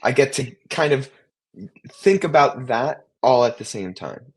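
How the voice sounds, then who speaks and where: A man's voice: mid-range voice, expressive, measured pace, husky. A man in his twenties, co-hosting a podcast in casual chat, rambling with many restarts and fillers. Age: 20s. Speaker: co-host.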